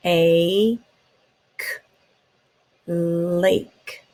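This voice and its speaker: A woman teaching phonics to small children, drawing each sound out and walking them through the letters one step at a time. She speaks slowly in a low voice with a gravelly, husky edge. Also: sing-song, a little mellow, rough recording. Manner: slow, sounds out letters and taps words. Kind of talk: phonics lesson for young children.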